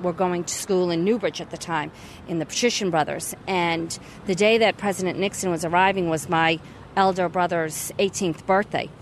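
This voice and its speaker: A woman's voice: on the low side, a little hiss or hum. A woman in her sixties with an American accent, telling a story in an outdoor interview with a few ums. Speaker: guest. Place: outdoors in a town square.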